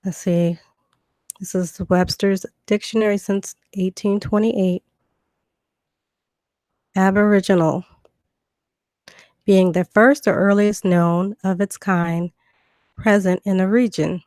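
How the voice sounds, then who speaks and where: At home and recovering from illness, a woman with a Southern US accent from Virginia and a Georgia twang hosts a relaxed live stream, reading dictionary definitions in a chatty, loose style with many fillers and restarts. Her mid-range, darkish voice is fairly even and slow with long pauses, in clean studio sound without room noise.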